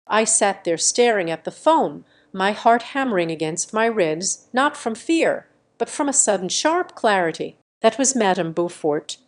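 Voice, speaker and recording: A woman narrating a scripted first-person story in a steady, measured way. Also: mid-range voice.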